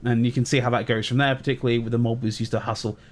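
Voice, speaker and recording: A man's voice: mid-range voice, flat delivery, very fast. Man from pennsylvania, podcast co-host, easygoing, wry. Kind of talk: casual chat.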